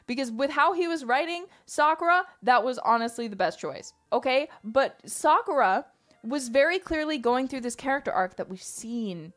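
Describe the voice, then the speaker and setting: A woman streamer ranting in casual, animated talk, emphatic and swearing freely. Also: a little high.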